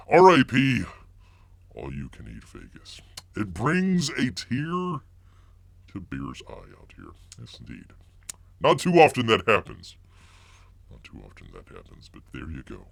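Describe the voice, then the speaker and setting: A man's voice: on the low side, gravelly, a bit bright, no echo. A man hosting a live stream in casual chat, calling himself Bear in the third person with over-the-top mock mourning.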